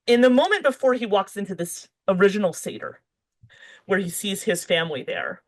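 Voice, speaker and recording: A woman's voice: medium pitch, animated, brisk, low-quality recording. A woman author speaking as a podcast guest, talking in a loose, conversational way full of fillers and restarts. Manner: thinks aloud with fillers and restarts. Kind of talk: conversational interview.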